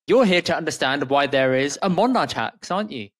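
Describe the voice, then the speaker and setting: Male podcast co-host, playful banter, swooping quick delivery. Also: fairly high pitch. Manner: jokey, reads memes, lively banter. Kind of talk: casual chat.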